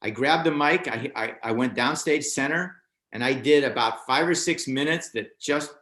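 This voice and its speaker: A stand-up comedian, an older American man, tells an anecdote about his early comedy days at a normal speed during a casual interview. He's animated, leaping into a higher voice to act out what others said. The audio has a roomy echo.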